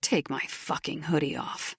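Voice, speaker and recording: Woman reading gruff low biker guy, curt and swearing, flat quiet delivery, dry sound. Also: unhurried, dry recording, heavily acted. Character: gruff brooding young biker man, curt.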